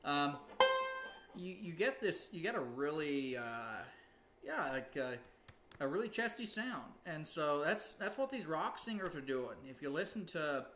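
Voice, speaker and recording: A man's voice: a little high, sing-song, a little slow, music in the background. A man teaching casually on a livestream, rambling and often breaking into sung demonstrations. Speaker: music teacher hosting a livestream.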